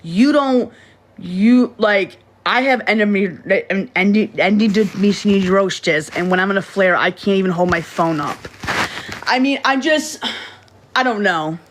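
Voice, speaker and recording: A young woman chats straight to her livestream audience in a loose, rambling way. She stumbles over words and restarts often, speaks bluntly with plenty of swearing, and her pitch sits in an ordinary middle range. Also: unhurried, a little hiss or hum. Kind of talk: casual livestream chat to viewers.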